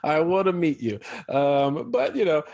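A man's voice: on the high side, measured pace, no room sound. A man with an American accent, telling stories in a casual interview chat and laughing often. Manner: laughs often, relaxed storytelling. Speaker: actor guest.

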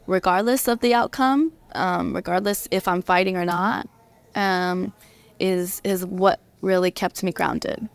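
A woman's voice: mid-range voice, gravelly, smooth, no echo. A woman guest talking earnestly in an interview, reflective and repeating herself as she thinks. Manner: earnest, reflective, many restarts. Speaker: guest, professional fighter. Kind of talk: conversational interview. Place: convention interview.

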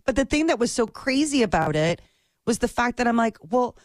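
A woman co-hosting a morning radio show, telling a story in casual chat, animated and full of quick asides. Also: a little high, no room sound, clean studio sound. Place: radio studio.

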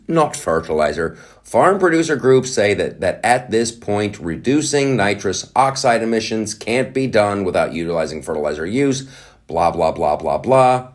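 Deep-voiced, animated ranting man. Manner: animated, sarcastic, swears, puts on quick voices. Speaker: podcast host. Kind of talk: ranting commentary.

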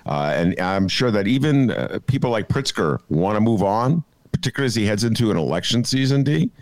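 A man with a fairly low voice hosts a casual news podcast from his apartment. His pitch swings widely as he rambles through stories, leaning on plenty of "uh"s. The sound is close and dry, with no room echo. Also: a little fast. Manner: rambling, animated storyteller with many fillers. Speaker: podcast host.

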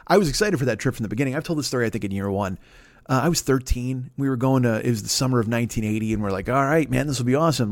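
A man's voice: medium pitch, darkish tone. A man in his fifties from the Chicago area, hosting a solo comedy podcast and ranting in a rambling, profane, self-mocking way. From Chicago area, USA. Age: 50s. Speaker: podcast host.

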